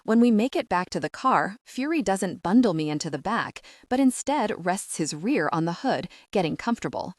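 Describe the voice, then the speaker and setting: A woman's voice: medium pitch, sing-song, moderate pace, hardly any pauses, no echo, studio quality. A woman narrating a first-person romance audiobook, reading both sides of the dialogue with light shifts.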